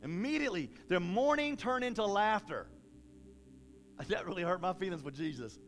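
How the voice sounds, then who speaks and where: A man preaching a sermon in a casual, folksy way, with animated bursts of emphasis. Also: high voice, moderate pace, faint music behind.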